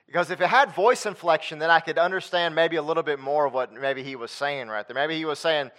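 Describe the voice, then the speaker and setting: Emphatic preacher, man with a higher voice. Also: fast talker, hardly any pauses, a bit bright. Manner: emphatic, repetitive preaching cadence. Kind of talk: sermon.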